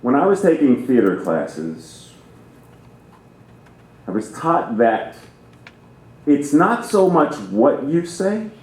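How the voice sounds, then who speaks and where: A man's voice: mid-range voice, a little mellow. A man preaching as a guest minister, talking with theatrical emphasis and playing with how he phrases things. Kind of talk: sermon. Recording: roomy church reverb.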